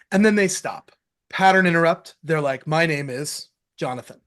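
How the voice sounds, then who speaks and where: A man hosting a live sales show, coaching viewers in a lively casual way and acting out phone calls. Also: on the high side, brisk. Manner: animated, acts out phone dialogues, casual slang.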